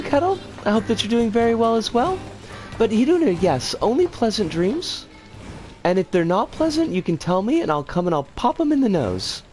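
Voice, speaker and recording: Streamer talking over a game, voice jumps all over the place, faint music behind. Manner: chatty, greets viewers warmly, swings pitch a lot. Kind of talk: casual live game commentary.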